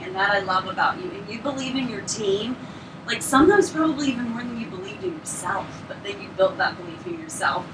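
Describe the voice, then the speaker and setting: A woman in her thirties leading an awards presentation at a team meeting, effusive and full of praise. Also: on the high side. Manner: effusive, gushing, quick with praise. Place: meeting room with audience. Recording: echoey room from far off, noisy.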